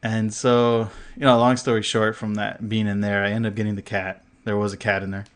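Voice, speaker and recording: A man's voice: on the low side, level tone, fairly quick, smooth. A man co-hosting a podcast, telling a story in casual chat, full of fillers, swearing and laughter, acting out what others said. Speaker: podcast co-host.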